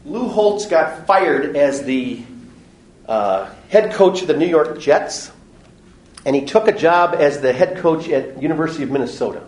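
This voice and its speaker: A man giving a parish Bible study talk, animated and joking, acting out little voices in his stories. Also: a little high, unhurried, reverberant. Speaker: parish teacher. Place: parish hall or church.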